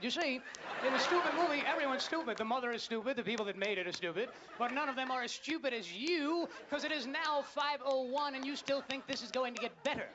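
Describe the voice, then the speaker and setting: Male stand-up, very high and frantic, lo-fi club tape, big crowd laughter and noise. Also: quick pace. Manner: ranting, incredulous, loud and animated. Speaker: stand-up comedian. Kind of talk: stand-up comedy routine. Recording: lo-fi live club recording with loud crowd. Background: audience laughter.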